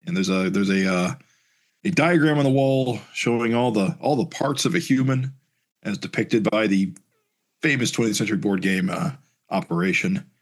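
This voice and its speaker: A man co-hosting a podcast, reading comic narration aloud in a casual, halting way with fillers and restarts. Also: on the low side.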